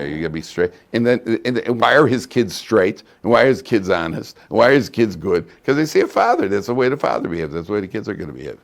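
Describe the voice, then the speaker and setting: Male rabbi, low voice, lively storyteller, chuckles often, Torah class. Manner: addresses the class directly and points them to the text.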